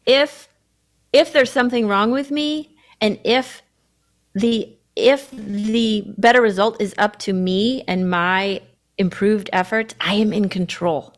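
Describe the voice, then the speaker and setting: A woman co-hosting a podcast, talking candidly and reflectively about herself and suddenly acting out her inner voices in loud bursts. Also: mid-range voice. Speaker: podcast co-host. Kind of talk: reflective conversational chat.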